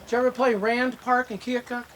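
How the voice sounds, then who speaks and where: A man's voice: very high voice, level tone, a little fast, a bit bright, a little hiss or hum. An older man giving an anecdotal acceptance speech at an outdoor ceremony, rambling through stories and acting out the dialogue. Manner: rambling storyteller who acts out dialogue. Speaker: hall of fame inductee giving a speech. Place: outdoor ceremony at a disc golf course.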